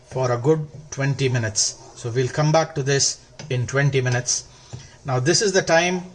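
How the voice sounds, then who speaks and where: Slow-talking man demonstrating a recipe. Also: fairly high pitch, slight background noise. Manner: slow, instructive, gently enthusiastic. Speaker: cooking show host. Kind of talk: cooking demonstration.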